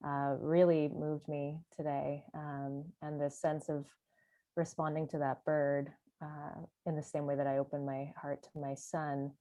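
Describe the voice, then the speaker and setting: A woman sharing in a meditation group, halting and searching for words, with many fillers. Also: low voice, level tone, warm tone, no echo. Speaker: retreat participant sharing.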